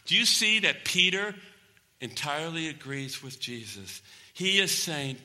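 High, piercing male pastor, emphatic preaching, long hall echo. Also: very animated, unhurried, pushed and bright. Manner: emphatic, repeating key phrases. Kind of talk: sermon.

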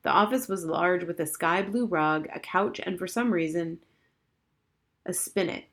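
A woman reading a children's novel aloud in an even, measured storybook narration. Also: on the low side. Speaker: audiobook narrator.

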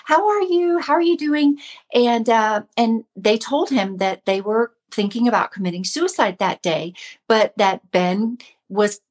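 A woman in her fifties giving a casual devotional talk to her viewers, earnest and chatty, repeating herself often. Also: mid-range voice. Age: 50s. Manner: earnest, chatty, with frequent repetition. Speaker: host of a Christian mom channel.

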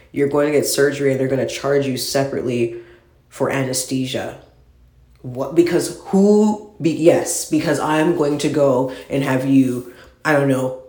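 Here a podcast host rants by himself, rambling, exasperated and profane, in a mid-range voice with a touch of mellowness. The recording echoes off the bare walls of an apartment he has only just moved into and hardly furnished.

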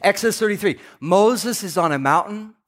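A man's voice: high voice, normal speed. A male pastor giving a sermon in a church, telling stories and acting out dialogue with repeated words. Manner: storytelling preacher, acts out dialogue, repeats words.

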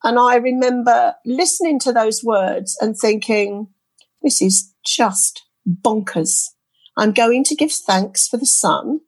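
A middle-aged woman from the UK, telling a personal story as a guest in an interview, animated and quoting others in lively voices. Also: a little high, a little slow, hardly any pauses, no room sound, rough recording. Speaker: interview guest, spirit artist. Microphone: headset earphones.

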